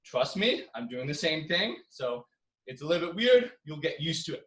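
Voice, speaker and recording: Young male karate instructor, highish voice, coaching drills in an echoey living room off-mic. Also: big pitch swings, moderate pace, recorded from a distance. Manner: coaching, counting drills with loud yells. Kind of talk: online exercise class.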